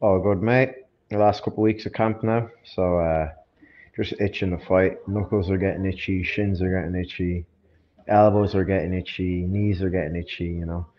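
A man with a lowish voice talks in easy, joking banter as a podcast guest. He laughs a lot and stumbles over repeated words when he restarts a thought. The sound is dull and lo-fi, with a faint hiss underneath. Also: fairly even intonation, normal speed. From Ireland. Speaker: MMA fighter, podcast guest. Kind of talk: casual podcast chat.

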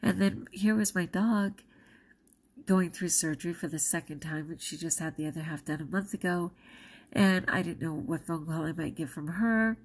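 A schoolteacher and vlogger, a woman, tells a personal story out of breath, expressive and dramatizing quotes with big jumps in pitch. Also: moderate pace, slightly rough.

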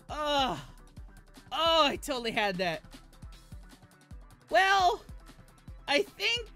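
Woman streamer, desk mic, lively up-and-down voice, curses at every fail, rambling chat with viewers. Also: sits high, very slow, long pauses, faint music behind. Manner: swears and shrieks at failures. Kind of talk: live gameplay commentary.

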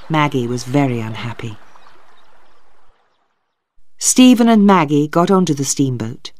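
Slow, lilting storybook narrator. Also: medium pitch, sing-song, darkish tone. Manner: slow, clearly paced storytelling. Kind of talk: slow graded-reader narration for learners.

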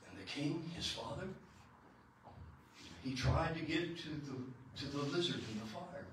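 A man preaching, telling a folk tale slowly and dramatically with repeated phrases, recorded in a church sanctuary. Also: a little high, animated, slight background noise. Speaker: pastor. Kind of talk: sermon storytelling. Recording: echoey church from far off.

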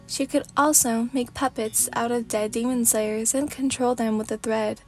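A woman narrating a fanfic as a sleepy ASMR reading, in a calm, steady storybook manner. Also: a little high, moderate pace, faint music behind.

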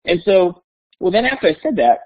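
A man who is an educator, presenting in a webinar as an animated storyteller who repeats words as he goes. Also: high voice, a little fast. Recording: tinny phone-like webinar audio.

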